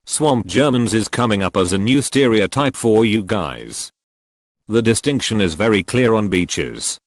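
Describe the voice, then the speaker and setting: A man narrating a series of online forum posts as scripted readings, in a lively, up-and-down delivery. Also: on the low side, no echo.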